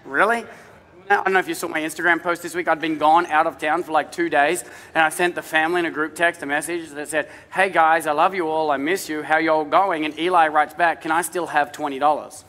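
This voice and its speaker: The sermon comes from a middle-aged pastor with a bright, high voice, kept steady in tone and brisk in pace. The large church hall adds long reverb, and a faint hiss or hum sits underneath. He talks casually to the congregation and slips in amusing stories about his family.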